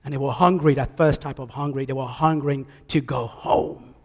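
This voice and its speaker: A man preaching a sermon in a church, animated, swinging between loud calls and soft asides. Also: medium pitch, moderate pace. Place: church sanctuary. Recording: echoey church hall.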